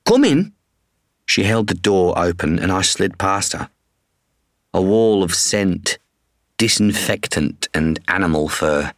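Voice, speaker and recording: A man reading a first-person audiobook in a measured, somber way. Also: low voice, fairly even intonation, a bit bright, dry recording, clean studio sound. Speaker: audiobook narrator. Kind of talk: first-person scripted narration.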